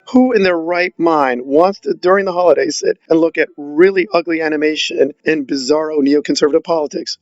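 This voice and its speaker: A man's voice: on the high side, steady tone, brisk, hardly any pauses, dry recording, muffled recording. A man giving a sarcastic, exasperated film review, mocking the movie as he goes. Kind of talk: opinionated film review monologue.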